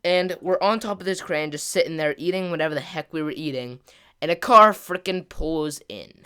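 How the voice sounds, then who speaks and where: A gaming channel host speaks at a normal pace in a smooth, slightly high voice, telling a loose story while playing. He packs it with filler and casual slang, and as things come to a head he gets noticeably louder and more excited.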